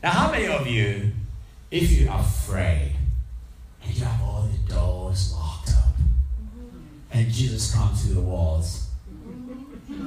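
A male pastor preaching a lively sermon, firing rhetorical questions and calling on the congregation to respond. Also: fairly low pitch, unhurried, long pauses. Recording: echoey hall, mic far off, music behind.

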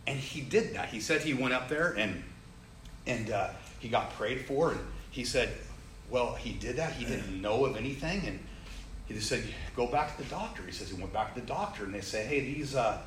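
Animated man telling a story in an echoey room. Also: mid-range voice, normal speed. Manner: animated, acts out quoted people, rising excitement. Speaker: storyteller sharing a testimony. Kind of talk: casual storytelling. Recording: roomy echo, faint ambient noise.

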